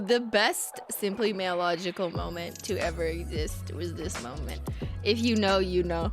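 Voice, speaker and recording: A woman's voice: mid-range voice, lively intonation, a little slow, pushed and bright, faint music behind. A woman hosting a casual live stream, chatting and laughing often as she opens fan mail. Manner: giggly, laughs often, reads letters aloud.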